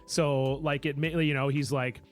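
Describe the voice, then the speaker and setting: A man's voice: on the high side, flat delivery, moderate pace, faint music behind. A man from Canada, a comedian guest, chatting casually on a podcast with lots of filler words.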